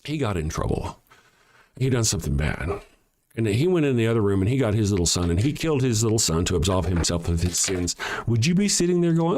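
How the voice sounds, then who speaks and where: A man hosting a show, delivering a mocking, sarcastic monologue that swings between loud jabs and quiet asides. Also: on the low side, very animated, brisk. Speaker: show host. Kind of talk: ranting monologue.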